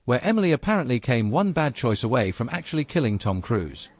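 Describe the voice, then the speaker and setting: A man's voice: medium pitch, very animated, brisk, noisy background. A man reading a scripted voice-over that introduces clips in a teasing promo delivery. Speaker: compilation narrator.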